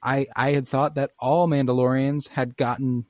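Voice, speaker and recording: A man hosting a podcast over a video call, talking through an episode scene by scene in an eager, loose way. He fills his talk with "uh" and swears freely. His voice sits at a middle pitch and sounds dry and close. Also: moderate pace, dry recording. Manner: excited, swears freely, many fillers. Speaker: podcast host. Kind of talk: casual episode recap.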